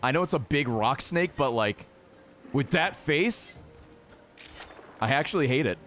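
A man streaming a game, excitable and swearing freely as he yells at the creatures on screen. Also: medium pitch, a little slow, soft background music. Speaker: gaming streamer. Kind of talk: casual let's-play commentary.

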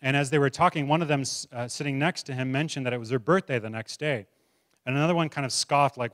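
Male pastor, mid pitch, dry close sound, animated sermon storyteller. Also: fast talker, no echo. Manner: animated storyteller, voices the characters' quotes. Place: church sanctuary.

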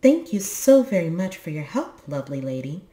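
A warm-hearted, practical storybook mother troll with a motherly, solemn way of speaking, as a woman puts her on. Her voice is raised and fuller than the reader's usual low voice. The room around it is echoey. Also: big pitch swings, slow pace.

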